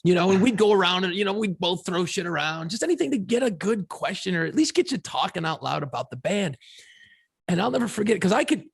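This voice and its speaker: A middle-aged man co-hosting a podcast, a former radio DJ telling profane, animated stories in casual chat. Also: sits high, fast, creaky, husky.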